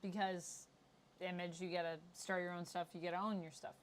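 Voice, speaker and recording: A woman's voice: lowish voice, flat delivery, normal speed, a little hiss or hum. A woman hosting a casual chat, reacting to her guest and reading out viewer comments. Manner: chatty, reads out viewer comments. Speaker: host.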